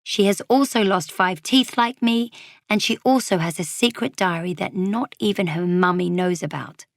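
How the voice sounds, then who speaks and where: A woman's voice: mid-range voice, normal speed, creaky, dry recording. Woman reading a children's story. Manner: gentle, expressive child's-eye narration.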